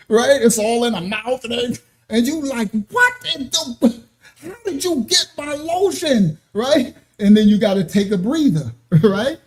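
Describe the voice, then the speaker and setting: A male pastor delivers a conversational sermon with a mellow, darkish tone. He keeps checking in with "right?" and acts out the people he quotes, his pitch swinging high. His delivery moves between lively storytelling and slow, calm teaching. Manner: animated, acts out quoted voices with rising pitch; conversational, repeatedly asks "right?".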